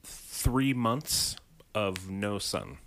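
A man's voice: on the low side, sing-song, drawn-out words, fairly bright tone. A man co-hosting a casual podcast, rambling, restarting, and swearing freely. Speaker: podcast co-host.

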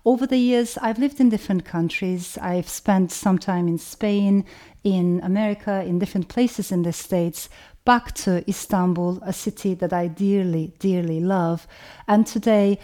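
A woman from Turkey with a Turkish accent, an author giving a thoughtful, measured talk that includes a reading of her own writing. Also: lowish voice, dark tone. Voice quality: thoughtful, measured, builds long lists.

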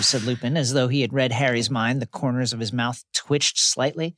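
A man's voice: medium pitch, fairly even intonation, moderate pace, hardly any pauses, a bit bright, no room sound, clean studio sound. A man co-hosting a podcast, retelling a book's chapters in a dramatic, scripted way and acting out quotes. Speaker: podcast co-host. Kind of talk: podcast book recap, read from a script.

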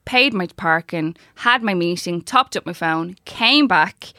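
Woman in her 30s rattling off a story on a podcast, bright crisp voice, dry close mic. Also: lowish voice, a little slow, no room sound. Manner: animated, swearing, talks in long run-on anecdotes. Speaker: podcast co-host. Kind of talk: casual storytelling chat.

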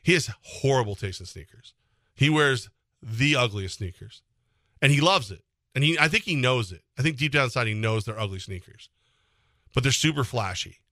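A man's voice: mid-range voice, animated, normal speed, bright, forceful tone, no echo, studio quality. A man co-hosting a sports radio show, ranting in a casual, exasperated way and laughing as he goes.

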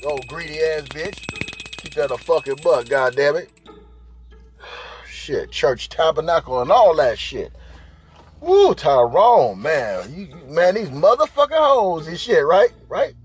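A man hosts a profane, rambling comedy rant, forever checking in with "right?" His voice sits high and swings animatedly. Faint music plays behind him. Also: sing-song, a little slow, slightly rough. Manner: crude, rambling, repeats "right?". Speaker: podcast host.

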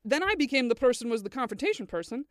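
Fast-talking, swearing woman podcast host. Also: on the high side, no room sound, clean studio sound. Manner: animated, swears freely. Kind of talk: casual chat, storytelling.

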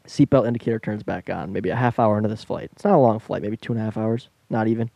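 Male podcaster, animated storyteller, warm low-key timbre, dry sound. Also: fast talker, gravelly, dry recording. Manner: animated storyteller, laughs while telling, acts out voices. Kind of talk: casual storytelling chat.

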